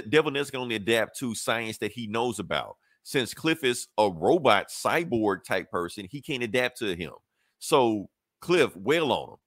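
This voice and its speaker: A man with a fairly low yet fairly bright voice co-hosts a podcast, loosely recapping a comic story in slangy chat and quoting its characters. The recording is dry and studio quality.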